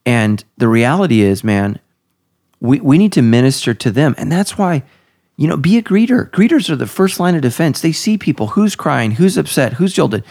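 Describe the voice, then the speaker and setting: A man's voice: fairly high pitch, very animated, moderate pace, a little mellow. A middle-aged man, a pastor hosting a podcast, talking casually and emphatically, his voice jumping up to stress points.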